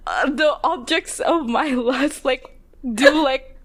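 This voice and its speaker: Woman, podcast co-host, casual chat, giggly, rambling, high voice. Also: takes it slowly, a bit bright. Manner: giggly, rambling, quotes characters in mock voices. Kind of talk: casual chat recapping a TV episode.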